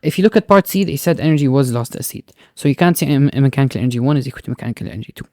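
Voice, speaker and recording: A man's voice: medium pitch, animated, very fast, a little mellow, no room sound. Dry-voiced man teaching physics. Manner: explains step by step, often checking with "right?" and "okay?"; mixes in Arabic words. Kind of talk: recorded tutoring lesson.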